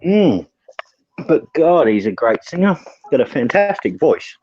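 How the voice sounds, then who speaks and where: A man's voice: on the high side, big pitch swings, a little slow, a little mellow, breathy edge, no room sound, highs cut off. An easygoing man with an Australian accent, a guest chatting casually and saying "mate" often. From Western Australia. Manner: easygoing, says "mate" a lot. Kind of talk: casual chat.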